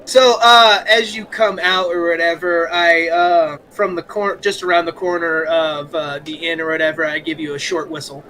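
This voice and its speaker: A man's voice: on the high side, steady tone, moderate pace, few pauses, sharp tone, slight background noise, rough recording. A man playing a tabletop role-playing game over a voice call, playful and jokey, laughing easily. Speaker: player. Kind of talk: casual tabletop game chat.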